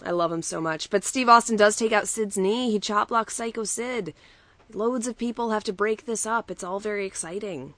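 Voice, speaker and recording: A woman's voice: mid-range voice, moderate pace, a bit bright, dry recording. A woman co-hosting a podcast, chatting enthusiastically, laughing and swearing casually. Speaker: podcast co-host. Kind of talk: casual chat recapping wrestling.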